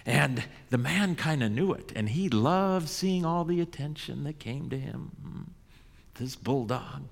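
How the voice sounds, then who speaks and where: A man's voice: fairly high pitch, lively intonation, measured pace, vocal fry. A male pastor preaching a sermon and telling a story with dramatic shifts in volume. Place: church. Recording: long church reverb.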